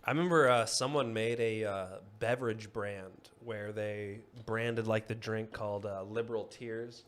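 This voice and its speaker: A man's voice: fairly low pitch, steady tone, unhurried, a bit bright. A man co-hosting a podcast in casual chat, joking around and chiming in over the others. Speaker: podcast co-host. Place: podcast studio.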